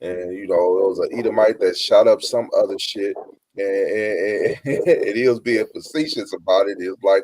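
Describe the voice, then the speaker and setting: A man co-hosting a casual stream, relaxed and agreeing, telling stories. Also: lowish voice, normal speed, slight background noise, low-quality recording. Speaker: co-host. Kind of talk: casual chat.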